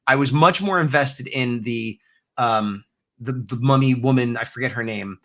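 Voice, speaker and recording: A man co-hosting a casual review podcast, talking in an animated, rambling way with frequent restarts. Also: mid-range voice, normal speed. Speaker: podcast co-host reviewing episodes. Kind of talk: casual chat.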